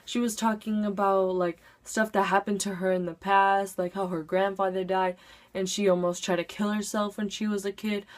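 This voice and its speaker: A woman's voice: mid-range voice, little pitch movement, normal speed. A teenage girl vlogger telling a school story in a breathless, chatty way, with lots of "like" and sudden dramatic jumps in her voice. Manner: dramatic voice swings into acted quotes. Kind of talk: storytime vlog.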